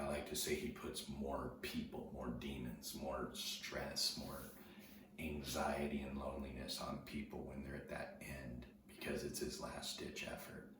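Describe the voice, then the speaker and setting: A man with an extremely deep, low voice talks to his viewers in a loose, earnest storytelling way. He often sinks to a hushed near-whisper and repeats his words. The recording is very echoey, and he sounds far from the mic. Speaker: video host. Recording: very echoey, distant from the mic, noisy ambience.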